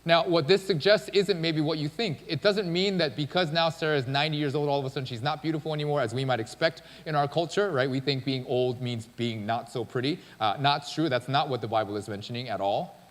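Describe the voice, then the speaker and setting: A man's voice: fairly high pitch, brisk, few pauses. A male pastor preaching a sermon in a casual, conversational storytelling manner. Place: church sanctuary. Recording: long church-hall reverb.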